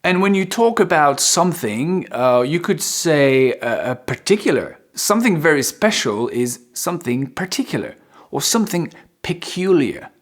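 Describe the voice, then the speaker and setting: A man teaching English vocabulary, repeating and stretching key words for emphasis in a playful, expressive way. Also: on the high side, moderate pace. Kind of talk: vocabulary lesson.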